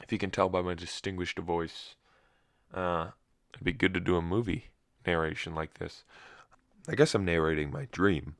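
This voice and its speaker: A man's voice: low-pitched, steady tone, moderate pace, dry recording, studio quality. A young man hosting a solo podcast, groggy and just woken up with a cracking voice, telling a rambling story with wry asides. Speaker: podcast host.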